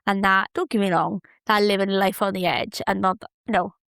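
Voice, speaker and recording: A chatty, cheerful woman hosts her own podcast in a relaxed, friendly flow, often breaking into laughter. Her voice is close and dry, with no room sound, and sits at an everyday middle pitch. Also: moderate pace, vocal fry, clean tone, no echo. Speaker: podcast host. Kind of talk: casual solo podcast chat.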